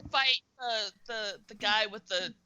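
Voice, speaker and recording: A young woman co-hosting a podcast, telling a story in an animated, excitable way in casual chat. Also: medium pitch, slow, clear, resonant tone, lo-fi sound. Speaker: podcast co-host.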